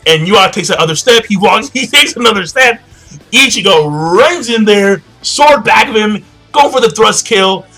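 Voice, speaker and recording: Young male reviewer: bright, high-pitched, rambling and profane. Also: lively intonation, normal speed, faint music behind. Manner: rambling, profane, repeats himself. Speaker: manga reviewer. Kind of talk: casual chapter recap.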